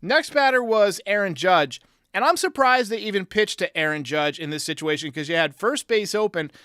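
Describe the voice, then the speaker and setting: A man hosting a sports podcast, giving an excitable casual game recap and talking straight to his viewers. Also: sits high, normal speed, clear, resonant tone, no room sound, studio quality. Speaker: podcast host.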